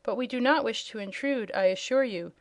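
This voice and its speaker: A woman's voice: a little high, brisk, dry recording, natural voice. A woman voicing a kindly, puzzled old male wizard in a children's storybook reading. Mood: polite.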